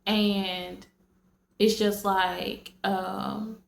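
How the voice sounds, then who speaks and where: A woman talks slowly and casually to her viewers, circling back with fillers and restarts. Her voice is gravelly and flat in pitch. The room around her is echoey. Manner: rambling, many fillers and restarts. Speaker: vlogger. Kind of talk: casual late-night talk to camera.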